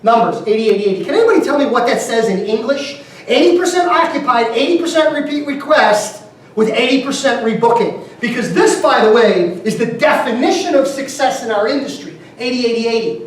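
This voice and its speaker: A man's voice: very high voice, animated, a little fast. A man giving an emphatic motivational seminar talk, repeating key numbers and quizzing his audience. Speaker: business seminar speaker. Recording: very echoey room, mic far off, faint noise.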